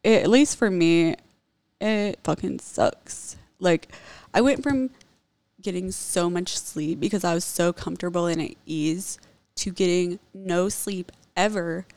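Young woman vlogger, blunt confessional storyteller who curses often; raspy vocal fry, dead-dry recording. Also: fairly low pitch, a little slow, darkish tone, dry recording. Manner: blunt, heavy swearing, candid. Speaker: vlogger telling a personal story.

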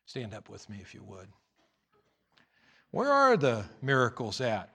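A pastor preaching a sermon in a church, animated and teasing, acting out voices. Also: male voice, mid-range voice, measured pace, gravelly, slightly rough.

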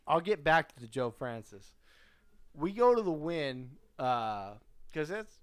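Young male podcast host, slightly higher voice, loose and profane storyteller who laughs through his own tale. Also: big pitch swings, takes it slowly, clear, resonant tone. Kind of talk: casual storytelling.

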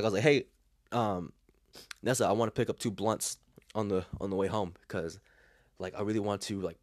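Soft-spoken deep-voiced young man. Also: dry recording, studio quality. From Los Angeles area, US. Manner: reflective, emotional, many fillers and restarts, often drops to a soft near-whisper. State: emotional, tearing up. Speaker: vlogger telling a personal story. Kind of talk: casual personal storytelling.

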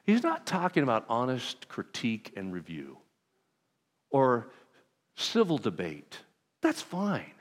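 A man preaching a sermon as pastor, talking to his congregation in a conversational, self-deprecating way with lively asides. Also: medium pitch. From Southern California. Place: church sanctuary. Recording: long reverb of a large hall.

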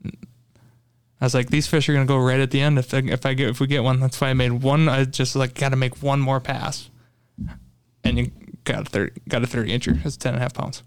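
A young man tells a fishing story in casual talk, his voice smooth and clear. He gets animated as he retells it and is full of fillers and restarts. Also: mid-range voice, a little fast. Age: young adult. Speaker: podcast guest, tournament angler.

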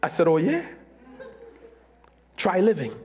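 A man preaching a sermon as pastor, his voice swinging from sung high calls down to low, quiet murmurs. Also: wildly swooping pitch, slow pace, slightly rough.

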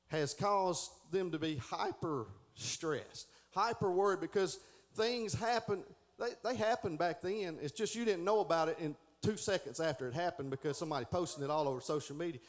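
A middle-aged man giving a folksy Sunday school lesson, stumbling and restarting as he reads aloud. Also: fairly high pitch.

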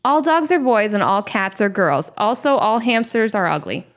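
A woman co-hosting a scripted comedy show, delivering absurd claims with total deadpan confidence. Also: medium pitch, normal speed.

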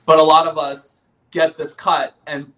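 A man appears as a guest author, explaining his ideas through simple analogies. His voice sits a bit higher than most men's, and his tone stays conversational. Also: level tone, unhurried, sharp tone, low-quality recording. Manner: explanatory, uses metaphors. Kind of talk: casual interview talk.

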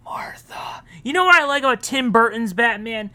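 A podcast co-host in casual chat, animated and jokey, breaking into sound effects and impressions. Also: medium pitch, brisk.

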